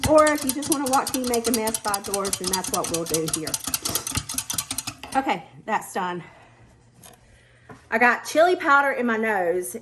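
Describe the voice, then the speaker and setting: A woman chats her way through a recipe in her own kitchen. Her voice sits a little high and she pokes fun at herself as she goes. The clink of dishes and pans runs clearly under her talk. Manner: chatty, self-deprecating, talks straight to viewers. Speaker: cooking channel host. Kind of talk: casual cooking vlog. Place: home kitchen. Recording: clear kitchen noise behind. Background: pots, pans and whisking.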